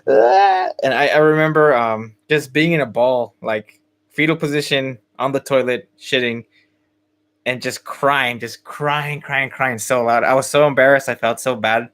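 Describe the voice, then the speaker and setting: A man's voice: medium pitch, fairly even intonation, normal speed, a bit bright. A young man hosting a podcast, telling a story in casual chat with many fillers and restarts. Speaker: podcast host.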